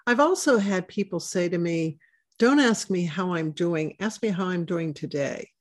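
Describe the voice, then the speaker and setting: A woman hosting an interview, gentle and thoughtful, asking follow-up questions. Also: lowish voice, moderate pace. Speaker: host, interviewer. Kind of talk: conversational interview.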